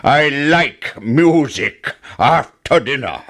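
A man voicing a huge wicked male giant in a storybook, drawing out slow, booming threats. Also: expressive, a bit bright. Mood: demanding.

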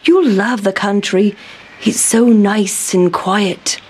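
A woman's voice: medium pitch, takes it slowly, background noise, natural voice. A woman voicing a cheerful, hardworking male country mouse in a storybook, speaking in a welcoming way.

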